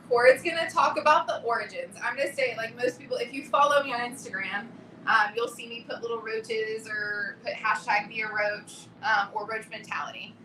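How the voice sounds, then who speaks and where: A woman's voice: fairly high pitch, normal speed, sharp tone. Woman talking candidly, far off in a roomy space. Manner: candid, laughs often. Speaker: guest weightlifter. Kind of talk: casual podcast chat. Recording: roomy, distant mic with noticeable noise.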